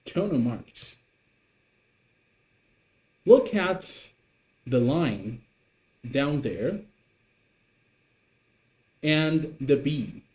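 Recorded in an echoey room, this online lesson features a very animated man with a slightly mellow voice teaching beginner Mandarin in English. He's slow, patient and encouraging, letting his pitch rise and fall to show each tone.

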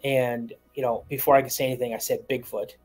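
A man's voice: mid-range voice, little pitch movement, fast, darkish tone, soft background music. Man caller telling a rambling story. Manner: rambling, repeats words, acts out quoted dialogue. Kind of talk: storytelling on a call-in show.

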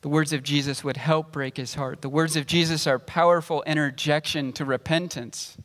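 A pastor preaching a sermon, explaining scripture and reading verses aloud in a measured way. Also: male voice, a little high, fairly even intonation, a bit bright, long reverb tail. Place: church sanctuary.

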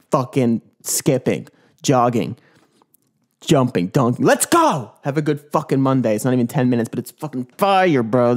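A man's voice: mid-range voice, darkish tone. A young man hosting his daily vlog, hyped and rambling, swearing often. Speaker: vlogger.

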